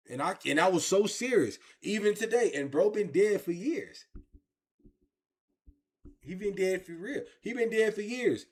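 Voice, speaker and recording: Animated man with a lively, high-ish voice. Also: a little slow. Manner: animated, repetitive, heavy street slang. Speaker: interview guest. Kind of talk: candid interview storytelling.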